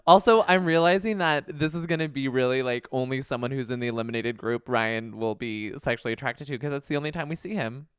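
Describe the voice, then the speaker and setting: A man's voice: mid-range voice, fast talker, hardly any pauses, clean tone, no room sound, studio quality. A young man co-hosting a podcast, chatting casually in a campy, teasing, joking manner. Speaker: podcast co-host. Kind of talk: casual chat.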